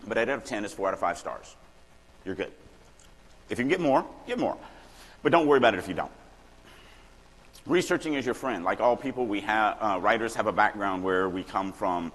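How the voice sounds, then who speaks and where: A middle-aged man from Louisiana giving a casual, animated writing workshop talk at a conference, acting out quoted lines now and then. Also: on the low side, brisk, pauses often. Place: conference hall. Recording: long hall reverb, faint room noise.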